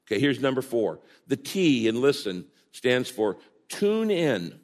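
Animated preaching man in echoing hall. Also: medium pitch, unhurried. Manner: animated preaching, swinging from loud to hushed. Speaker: pastor. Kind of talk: sermon.

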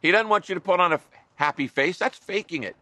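A man's voice: high voice, quick pace, sharp tone, no echo. A middle-aged man preaching a sermon as a pastor, earnest and conversational, with wry asides to his listeners.

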